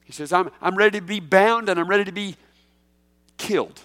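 A man preaching as senior pastor, his voice sitting a little high for a man. He moves between slow, emphatic phrases and quick asides, breaking into loud, high bursts as he voices a quoted figure. The recording is dry and close, with no room sound. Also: no room sound. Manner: preaching with sudden loud, high bursts when voicing Paul. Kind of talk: sermon.

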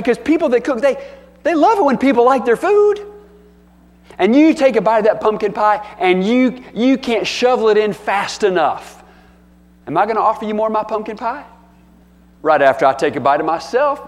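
A man with a high voice preaches a sermon, drifting into folksy stories and acting out little bits of dialogue. His words ring out with a long trailing reverb from a large hall. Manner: folksy storytelling with playful acted-out dialogue. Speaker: pastor.

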